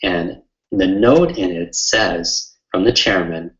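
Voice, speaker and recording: A man with a very deep, low voice tells a personal story to an online audience in an earnest, heartfelt way, with frequent fillers as he rambles. His voice sits in a roomy space that reflects around it. The sound is slightly dull and muffled. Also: slow pace, a bit bright. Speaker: memory coach hosting a webinar.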